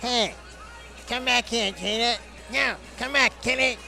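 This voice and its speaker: A man putting on the voice of a bratty, foul-mouthed cartoon boy in a high, squeaky kid voice. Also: unhurried, vocal fry, bright, forceful tone, soft background music, a faint crowd, exaggerated voice. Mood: whiny. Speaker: pro bowler. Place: trade show floor, outdoors.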